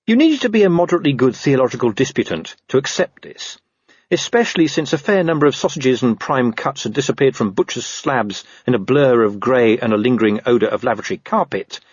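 A man narrating a comic fantasy novel in a wry, lively storytelling manner. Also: mid-range voice, fairly quick, slightly rough, no echo, lo-fi sound. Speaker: audiobook narrator.

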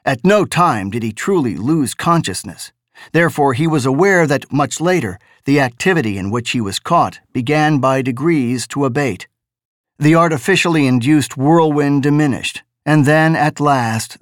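A man reading a novel aloud as narrator, in a measured, deliberate way. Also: medium pitch, lively intonation, dry recording, studio quality. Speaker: audiobook narrator.

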